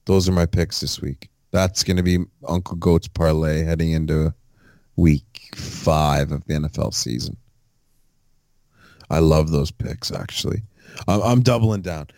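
A man's voice: very deep voice, a little slow, a little mellow, dry recording, studio quality. A man co-hosting a podcast, chatting casually and swearing often, giving loose sports betting picks. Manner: profane, laid-back banter with sports betting picks. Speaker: podcast co-host. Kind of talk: casual chat.

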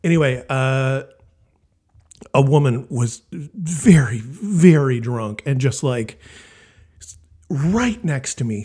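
A man's voice: medium pitch, lively intonation, slow pace, pauses often, dark tone, husky. Male co-host, casual chat, laughs a lot, mid-range voice. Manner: laughs often, trailing restarts. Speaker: podcast co-host.

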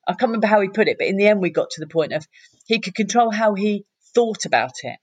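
Woman, coach, guest. Husky, dry recording. Animated storyteller who acts out quoted voices. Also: medium pitch, quick pace, no room sound. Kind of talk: conversational storytelling.

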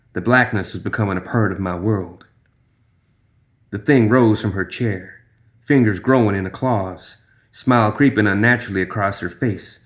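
Man narrating a tense horror story. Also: lowish voice.

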